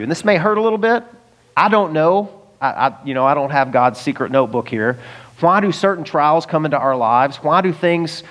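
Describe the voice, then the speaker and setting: A man from the United States preaches a sermon in a relaxed, conversational way. His voice sits a bit high for a man. He chuckles often and turns to the congregation with little asides. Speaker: pastor.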